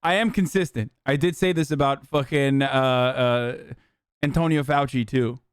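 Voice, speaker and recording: A man's voice: mid-range voice, fairly even intonation, normal speed, clear, resonant tone, no room sound, clean studio sound. A man hosting a live stream, reacting to a news clip with heated, blunt and profane commentary. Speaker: streamer host.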